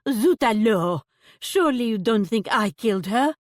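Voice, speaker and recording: A woman's voice: mid-range voice, measured pace, dry recording, studio quality, lightly acted. A woman doing a defensive shopkeeper with a fake French accent. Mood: frightened. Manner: indignant, evasive, accent slipping in and out.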